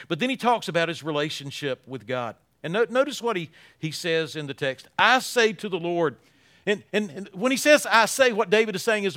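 An older man preaches with real passion, his voice sitting high and sounding bright and forceful. He swings between loud pleading and quiet asides, and he often doubles back on his words for emphasis. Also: lively intonation, moderate pace. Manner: impassioned, swinging from loud to hushed, repeating words. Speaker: pastor. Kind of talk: sermon.

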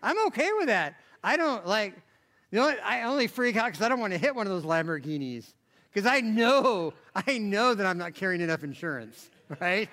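A man's voice: high-pitched, big pitch swings, normal speed, bright, forceful tone. A man preaching a conversational sermon, rambling through asides and jokes, then rising into emphatic bursts. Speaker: pastor.

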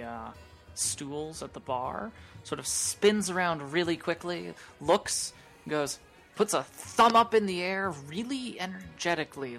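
Low-voiced woman running a tabletop game. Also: a bit bright. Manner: loose, rambling narration with fillers. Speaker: game master.

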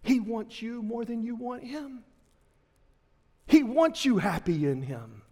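A man preaching a sermon as a pastor, impassioned, dropping to a hush at times. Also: extremely high pitch, big pitch swings, slow pace, in a large hall.

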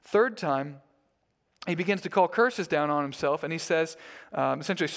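A man's voice: a little high, moderate pace, gravelly, a bit bright. Conversational male pastor preaching. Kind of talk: sermon.

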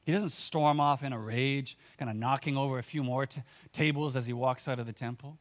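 A man's voice: mid-range voice, brisk. Earnest man preaching a conversational sermon. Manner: earnest, conversational, with filler words and restarts. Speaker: pastor.

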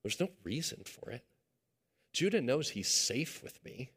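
A male pastor in his thirties delivers a sermon with a storyteller's touch. He sinks to quiet, earnest lines, then climbs into animated, louder passages when recounting everyday moments. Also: medium pitch, unhurried, husky. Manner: storytelling, swings from hushed to loud and excited.

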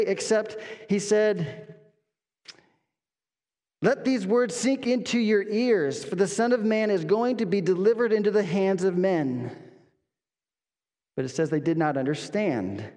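A man's voice: high-pitched, darkish tone. A man preaching an expository sermon as pastor, earnest and emphatic, repeating lines and asking rhetorical questions. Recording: long reverb of a hall.

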